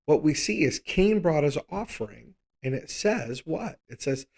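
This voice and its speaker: A man's voice: a little high, sing-song, unhurried, gravelly, darkish tone, husky. Conversational man teaching Bible study. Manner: conversational, thinks aloud, frequent rhetorical "right?".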